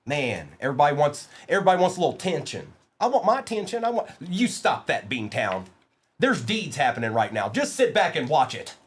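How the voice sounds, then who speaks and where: A man streaming a live trading card break, rattling off player names and bantering excitedly with viewers in chat. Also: a little high, brisk, husky.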